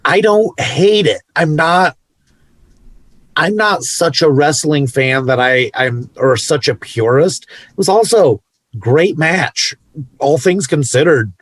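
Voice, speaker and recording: A man's voice: on the high side, slow pace, no room sound. Laid-back opinionated man, dry podcast. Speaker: podcast co-host. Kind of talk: casual chat.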